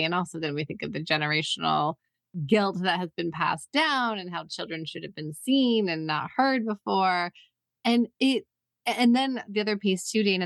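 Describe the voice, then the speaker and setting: A woman's voice: lowish voice, vocal fry, no room sound, studio quality. Reflective woman hosting a parenting podcast. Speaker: podcast host and therapist. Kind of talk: casual podcast conversation.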